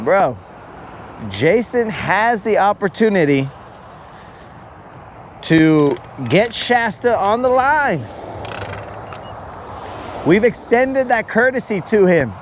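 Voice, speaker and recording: A man's voice: high voice, animated, slow, long pauses, a little hiss or hum. A man chatting casually on a live fishing stream, rambling and joking as he acts out imagined callers. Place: outdoors on a lake.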